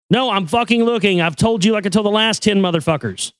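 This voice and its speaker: A man's voice: sits high, fast, hardly any pauses, no echo. A middle-aged man telling a ranting personal story, profane and exasperated, often stumbling and restarting mid-sentence.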